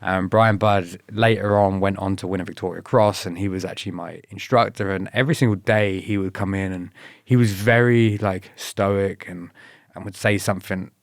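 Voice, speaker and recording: A fairly low-pitched man with a British accent talks through his stories in a relaxed, easygoing way. He often slips into livelier voices when quoting other people. The sound is dry and close, with no room echo. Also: normal speed. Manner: laid-back, laughs often, quotes others in lively bursts. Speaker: podcast guest, former paratrooper. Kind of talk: casual storytelling interview.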